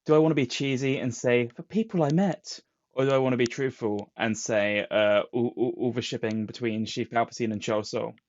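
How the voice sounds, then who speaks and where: A man's voice: mid-range voice, steady tone, fairly quick, hardly any pauses, lo-fi sound. A man co-hosting a podcast in casual, jokey chat. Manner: jokey, playful banter. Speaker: podcast co-host.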